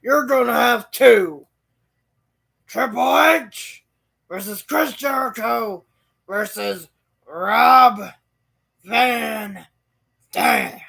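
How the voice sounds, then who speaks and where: Man playing blustering wrestling boss, loud, high-pitched, rushed, taunting. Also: lively intonation, creaky, slightly rough, heavily acted. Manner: shouting, fast and high.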